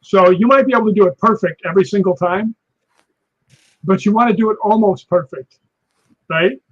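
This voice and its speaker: Speaking at an ordinary pace, a husky stunt performer shares lively stories as a live-show guest, punctuating crashes with sound effects like "boom" and "whap." His energetic telling comes through on a dull lo-fi recording.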